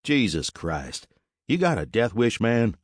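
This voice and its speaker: A man plays a jittery male burger-shack owner, worried and pleading, raising his voice as he frets. The voice sits a bit above the narrator's own, with lively swings in pitch. The audiobook recording is dry. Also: a little slow, no echo. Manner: flustered, pleading.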